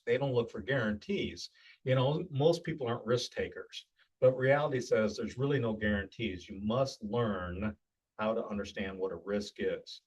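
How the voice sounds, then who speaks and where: Man, middle-aged, husky, sales training talk, conversational, self-correcting. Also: fairly low pitch, rough recording. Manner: conversational and plainspoken, with frequent restarts.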